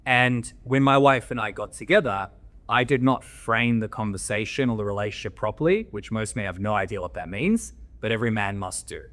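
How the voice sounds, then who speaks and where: A man's voice: on the low side, a little fast, a bit bright. Blunt, foul-mouthed man. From Australia. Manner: blunt, swears freely, coaching tone. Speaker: podcast guest, men's coach. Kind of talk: candid interview storytelling.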